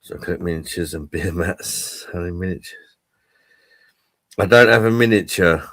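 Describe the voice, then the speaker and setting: Deep voiced guy rambling and swearing about cooking, dry close sound. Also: moderate pace, a bit bright, no room sound. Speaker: livestream pub chat host. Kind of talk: casual chat. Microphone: streaming call mic.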